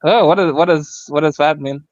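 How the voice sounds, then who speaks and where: A slightly higher-voiced man co-hosting a live stream. He teases the guests in a playful way and laughs often, recorded close and dry with no room sound. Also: normal speed, no echo, muffled recording. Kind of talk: casual live-stream chat.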